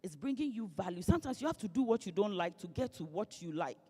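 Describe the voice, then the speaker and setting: Woman, lively motivational speaker, heard with long hall reverb. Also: medium pitch, fast talker, slightly rough. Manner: lively, playful, acts out quoted voices. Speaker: guest speaker. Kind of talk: motivational speech.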